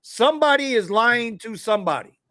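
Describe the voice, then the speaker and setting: A man from Florida with a notably high voice rants bluntly and profanely as a co-host on a casual talk show. The sound is dry and close, with little room around it. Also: animated, moderate pace, sharp tone, no echo. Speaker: podcast co-host. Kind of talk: casual chat.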